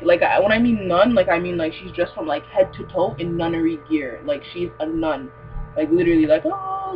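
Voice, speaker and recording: A young woman tells stories to camera for her vlog in a casual, profane, animated way, full of fillers and slang. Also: lowish voice, dull audio. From Toronto, Canada. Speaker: vlogger.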